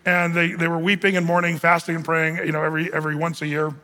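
A man's voice: fairly high pitch, monotone, fast talker, sharp tone, big-room sound. A man who is a pastor, preaching a verse-by-verse sermon in a conversational, joking way with many fillers.

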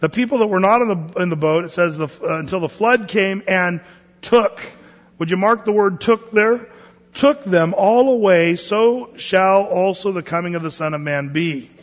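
A pastor teaching a sermon verse by verse in a conversational way, with frequent asides and restarts. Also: male voice, sits high, moderate pace, long reverb tail, dull audio.

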